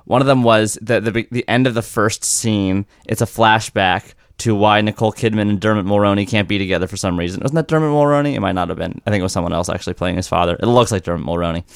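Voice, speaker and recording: A man in casual comedic conversation, rambling through stories and acting out quoted lines with animated swings. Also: lowish voice, fast talker, creaky, few pauses, clear, resonant tone, no echo, studio quality.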